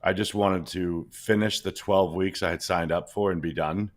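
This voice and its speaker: A man with a very deep voice chats casually as a podcast co-host. He speaks plainly and matter-of-factly when it is his turn. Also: steady tone, moderate pace. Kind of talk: casual chat.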